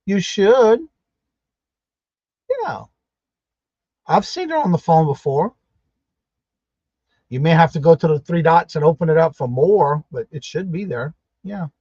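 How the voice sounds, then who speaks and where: A man hosting a live stream, warmly greeting each viewer by name in an upbeat, repetitive way. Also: fairly high pitch, big pitch swings, measured pace, long pauses, slightly rough, no room sound, dull audio. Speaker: livestream host.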